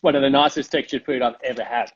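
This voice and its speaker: A man's voice: medium pitch, steady tone, fast, highs cut off, a little hiss or hum. A man hosts a casual live-stream chat and gushes with enthusiasm. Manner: gushing, enthusiastic. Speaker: host.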